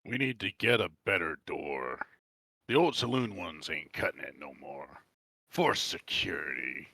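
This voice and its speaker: A man's voice: low voice, expressive, unhurried, vocal fry, bright, forceful tone, breathy edge, no echo. A man playing his character in a tabletop role-playing game, easygoing. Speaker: player.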